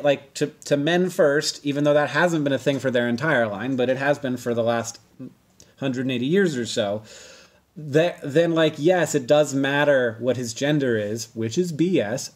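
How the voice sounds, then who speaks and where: A man in his thirties hosting a casual explainer video, talking in a rambling, self-correcting way with sudden emphatic jumps in pitch. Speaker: video host.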